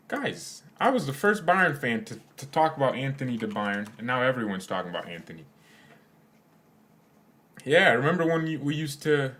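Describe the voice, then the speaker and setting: A man's voice: medium pitch, fairly bright tone. A young man hosting a fan channel, chatting casually with his viewers in a rambling, joking way. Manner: rambling, joking, trails off into silly asides. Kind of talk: casual live chat with viewers.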